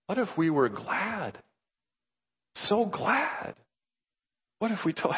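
A man preaching a sermon as pastor, acting out little dialogues in an animated way. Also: high voice, a little fast, slightly rough, long reverb tail, dull audio.

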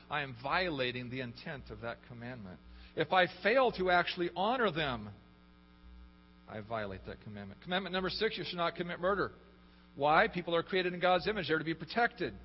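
Emphatic male preacher in echoey hall. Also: fairly high pitch. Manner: emphatic, asks the congregation questions. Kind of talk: sermon. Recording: echoey hall, dull lo-fi, faint hum.

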